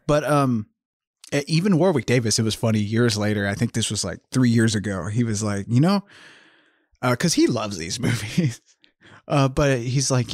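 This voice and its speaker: A man co-hosts a podcast, chatting casually about a horror film while drinking beer and laughing often. His medium-pitched voice is expressive and moderately paced, recorded with studio quality and no echo.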